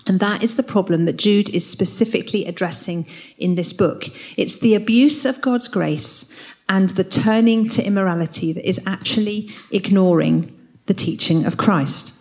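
A woman's voice: medium pitch, normal speed, a little mellow. A woman teaching the Bible in an earnest, explanatory way. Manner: earnest, explanatory, reads scripture aloud.

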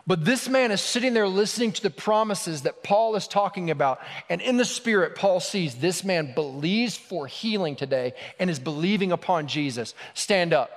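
A man preaching to his congregation in a relaxed, candid way, mixing humor into the sermon. His voice sits a little higher than most men's. The sound carries the long reverb of a large sanctuary. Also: moderate pace, hardly any pauses. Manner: conversational, candid, humorous storytelling. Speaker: pastor. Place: church sanctuary.

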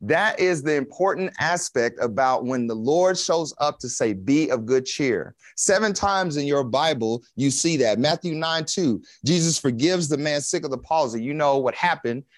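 A man's voice: fairly high pitch, expressive, moderate pace, hardly any pauses, dry recording. A man preaching a conversational sermon in a casual, folksy way, with slang and chuckles.

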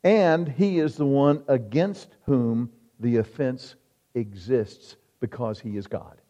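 A male pastor delivering a sermon, emphatic, with rhetorical questions and dramatic pauses. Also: mid-range voice, mellow. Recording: reverberant hall, dull lo-fi sound.

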